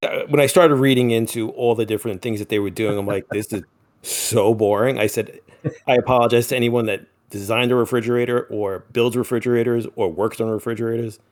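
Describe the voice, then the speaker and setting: Speaking quickly at a medium pitch, a man co-hosts a podcast and walks through a topic in casual conversation. He's relaxed, leans heavily on ums and other fillers, and is quick to laugh.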